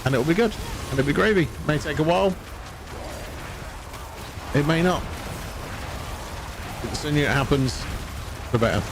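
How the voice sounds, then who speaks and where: A man's voice: a little high, animated, moderate pace, pauses often, noisy background. A man streaming a video game live, chatting casually in a rambling way and laughing at himself. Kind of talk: casual live-stream chat while gaming.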